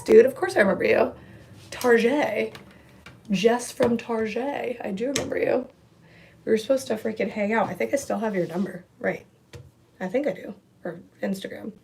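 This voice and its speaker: A woman's voice: mid-range voice, creaky, a little mellow, a little hiss or hum. A young woman in a casual livestream at home, ranting frankly with lots of fillers and swearing while she does her makeup. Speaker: livestream host. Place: home room.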